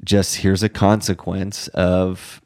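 A man in his thirties, a father, telling a rambling, animated story in casual chat. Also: deep voice, slow pace.

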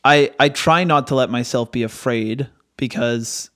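A man's voice: mid-range voice, measured pace, fairly bright tone, dry recording, clean studio sound. A young man, soon to be a father, speaking thoughtfully in casual chat and often restarting his sentences.

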